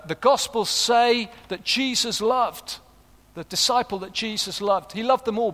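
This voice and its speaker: A man's voice: high voice, fairly bright tone. A middle-aged man preaching a sermon, earnest and rising to fervent appeals. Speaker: pastor. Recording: long reverb of a large hall.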